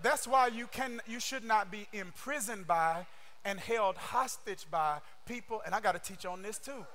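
A man preaching a sermon with fervor, often shouting and throwing rhetorical questions at his listeners. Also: sits high, normal speed, slight background noise. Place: church service streamed online.

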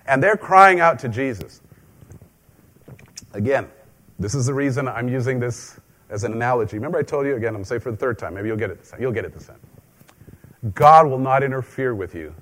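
A man's voice: mid-range voice, animated, a little fast, pauses often, a bit bright. Chatty joking preacher man. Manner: chatty, joking asides, repeats phrases for emphasis. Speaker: pastor. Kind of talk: conversational sermon.

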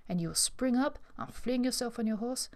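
A woman's voice: a little high, expressive, brisk, darkish tone, pitched above the performer's own voice. A woman reading the part of a dramatic, morbid eighteen-year-old French girl in a breathless, theatrical way.

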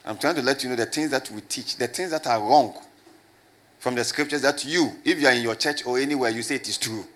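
A man's voice: medium pitch, brisk, fairly bright tone. Man preaching with call-and-response. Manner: call-and-response preaching, repeats questions to the crowd. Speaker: pastor. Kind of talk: sermon to a congregation.

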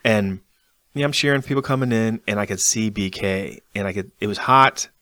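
Low-voiced man telling race stories. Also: moderate pace, no room sound. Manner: lively storyteller recounting a race. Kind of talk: casual conversation.

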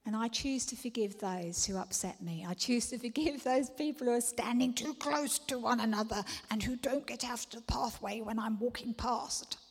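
A woman's voice: fairly high pitch, normal speed, few pauses, breathy edge. A woman preaching a sermon, earnest, often dropping to a whisper before emphatic declarations. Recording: long reverb of a large hall.

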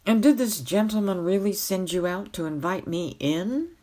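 A woman's voice: medium pitch, lively intonation, normal speed, dark tone, close to an everyday voice. A woman voicing a bumbling, mournful older king-knight who whines and sighs. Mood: wistful eager. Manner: plaintive, whining, sighing.

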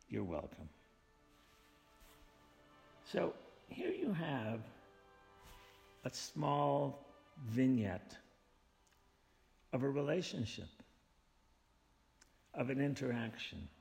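Gravelly man reading in a reverberant hall. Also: mid-range voice, big pitch swings, a little mellow, faint music behind. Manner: thoughtful, measured, explanatory. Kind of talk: reading aloud and reflecting on a passage.

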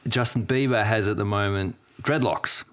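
An Australian man hosting a podcast, talking with energy and swearing freely. His voice sits a little low, and his stories come out in an easy, conversational flow. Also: normal speed, clean tone. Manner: animated, swears a lot, tells stories. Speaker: podcast host. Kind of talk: casual chat.

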